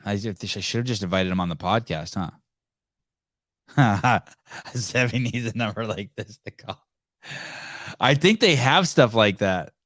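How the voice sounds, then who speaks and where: Man, podcast host, rambling casual chat, profane, laughs easily, low voice, dry close mic. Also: lively intonation, measured pace, fairly bright tone, no room sound. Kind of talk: casual live-stream chat.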